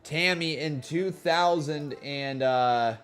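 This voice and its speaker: A man's voice: fairly high pitch, slow pace, faint music behind. A man hosting a casual live stream, calling old wrestling matches and reading chat aloud, his voice a little sore and tired. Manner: laid-back play-by-play, reads chat aloud, jumps to hyped shouting. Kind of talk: casual wrestling watch-along commentary.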